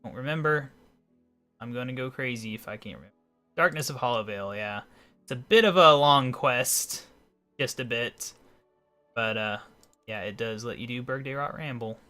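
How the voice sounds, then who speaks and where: A man's voice: medium pitch, moderate pace, long pauses, sharp tone, soft background music. A man giving rambling, casual commentary while playing a video game. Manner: rambling, talks to himself. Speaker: video game let's player.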